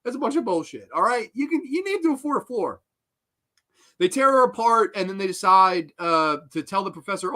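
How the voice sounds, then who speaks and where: A male horror show host in full rant mode, his voice bright and cutting. He swears constantly, rambles through his points and keeps breaking into laughter as he tears apart a film he despises. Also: high voice, animated, moderate pace. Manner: profane, heated, rambling, with bursts of laughter. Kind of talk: angry film review rant.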